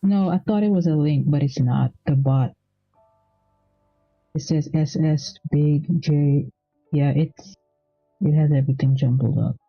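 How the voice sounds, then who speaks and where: Soft-spoken woman co-host, sleepy voice, muffled dry stream sound. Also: deep voice, a little slow, gravelly, long pauses, husky, no room sound, faint music behind. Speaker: livestream co-host. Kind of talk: casual livestream chat.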